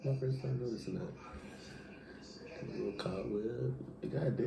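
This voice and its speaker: A man's voice: medium pitch, normal speed, vocal fry, pauses often, slight background noise. Laughing, swearing man in an echoey room. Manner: loud, laughing, swearing while eating hot noodles. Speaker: vlogger. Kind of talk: casual chat.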